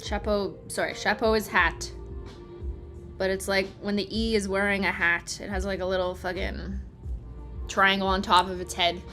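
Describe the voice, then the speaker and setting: A woman's voice: medium pitch, flat delivery, moderate pace, pushed and bright, soft background music. A woman hosting a casual livestream, chatting loosely, swearing often and laughing a lot. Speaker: livestream host.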